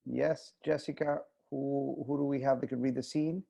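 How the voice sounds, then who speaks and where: A theater director hosting a panel over a video call, talking in a halting way with many fillers and restarts. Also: male voice, medium pitch, little pitch movement, gravelly, dark tone. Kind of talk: casual video-call chat.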